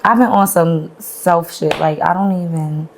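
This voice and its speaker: A woman's voice: on the low side, fairly even intonation, measured pace, vocal fry, slight background noise. A woman chatting casually, blunt and slangy as she talks. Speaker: podcast guest. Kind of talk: casual chat.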